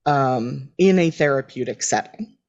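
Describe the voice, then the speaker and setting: A woman's voice: rumbling low, animated, a little slow, darkish tone, dull audio. A woman co-hosting a podcast in casual chat, making dry, wry remarks. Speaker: podcast co-host. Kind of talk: casual chat recapping a TV show.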